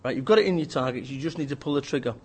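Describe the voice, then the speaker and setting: A man's voice: medium pitch, very fast, a little mellow, slightly rough. A man, an author and business speaker, giving a blunt, emphatic, joking rant in an interview.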